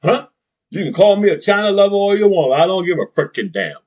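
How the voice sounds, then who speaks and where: A man's voice: high-pitched, sing-song, a little fast, darkish tone, highs cut off. A middle-aged man giving a blunt, profane political rant, chuckling often and tossing in "huh?" and "you know what I'm saying?". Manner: chuckles between heated points. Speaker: political commentator. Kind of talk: ranting political monologue.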